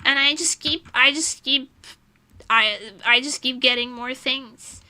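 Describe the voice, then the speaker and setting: High bright young woman streamer. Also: clean tone. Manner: rambling, laughing often, swearing, quick swings in loudness. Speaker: vtuber streamer. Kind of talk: casual chat.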